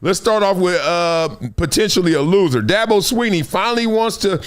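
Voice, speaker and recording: A man with a higher-than-usual voice hosts a live sports show. His pitch swings widely as he preaches, acts out little scenes and breaks into laughs. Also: animated, moderate pace, clean tone. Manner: preachy storytelling, acts out quotes, laughs often. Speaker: host. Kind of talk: animated sports talk.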